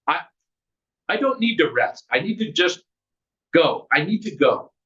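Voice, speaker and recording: A man's voice: on the high side, big pitch swings, a little slow, sharp tone, echoey room, pitched above the performer's own voice, exaggerated voice. A man voicing his wife with dementia as a confused, agitated, accusing woman. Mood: restless. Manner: accusing, snarky. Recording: distant, muffled recording.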